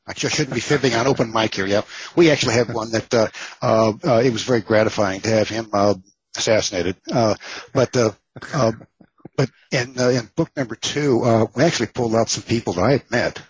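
Husky Texan man telling rambling stories. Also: mid-range voice, brisk, dry recording, highs cut off. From Texas. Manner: rambling, many "uh" fillers, wry anecdotes. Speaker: author guest. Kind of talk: casual interview storytelling.

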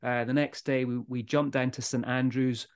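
A Scottish man hosting a whisky podcast in easy, energetic chat, laughing often and swearing now and then. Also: mid-range voice, moderate pace. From Scotland. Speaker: podcast host. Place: Speyside, Scotland.

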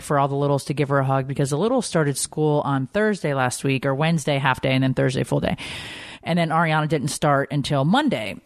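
A woman's voice: sits low, dry recording, clean studio sound. A woman in her forties hosting a podcast, chatting casually and telling family stories in an emotional, gushing way. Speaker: podcast host. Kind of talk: casual chat.

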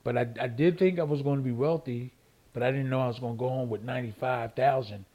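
A man's voice: medium pitch, fast, dark tone. A man, an interviewee, telling a long story and acting out phone calls, repeating himself. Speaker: interviewee, former boxing champion.

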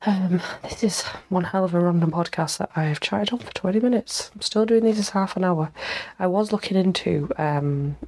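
A woman's voice: on the low side, creaky, darkish tone. A young woman hosting a casual solo podcast, rambling and self-mocking, a little stuffed up with a cold and tired. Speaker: podcast host.

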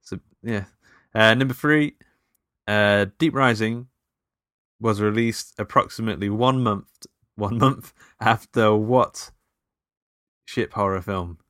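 A man co-hosting a casual film podcast, reading quiz questions with loud stresses and laughing easily. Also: on the low side, slow, pauses often, dry recording, clean studio sound. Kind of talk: casual chat.

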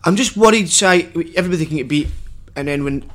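A man, a former footballer, telling stories in casual football chat, excitable, swearing and repeating himself. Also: a little high, fast. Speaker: podcast co-host, former footballer.

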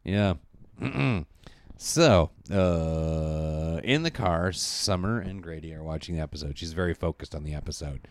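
A man casually recapping a TV episode for friends, rambling and slipping into quick mocking voices for the characters. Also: sits low. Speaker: podcast host recapping a TV episode. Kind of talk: casual comedic recap chat.

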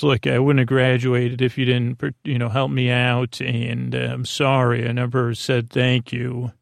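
A man's voice: medium pitch, gravelly, no echo, studio quality. A man hosting a podcast, loosely retelling a television episode with offhand jokes. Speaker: podcast host recapping an episode. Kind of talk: casual episode recap.

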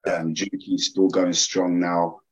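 Man, deep voice, casual podcast guest, hesitant, lo-fi dull audio. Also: takes it slowly. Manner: relaxed, laughs often, hesitant with fillers. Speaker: guest, former player. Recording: dull lo-fi sound.

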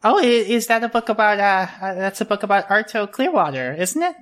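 A woman's voice: medium pitch, expressive, brisk. A woman playing in a casual tabletop game, laughing and swearing playfully. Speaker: player.

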